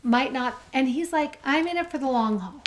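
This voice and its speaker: A woman co-hosting a scripture study podcast, chatting enthusiastically and slowing down to read verses aloud. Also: sits high. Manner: enthusiastic, reads verses slowly and warmly. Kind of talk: casual scripture discussion.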